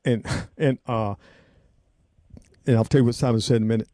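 A man, hosting a radio show and telling a rambling story in an excitable, emotional way, laughing often. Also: mid-range voice, normal speed, no room sound, clean studio sound.

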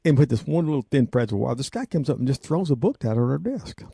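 A man, hosting a radio show and telling a rambling story in an excitable, emotional way, laughing often. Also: medium pitch, fast talker, gravelly, slightly rough, no room sound, clean studio sound.

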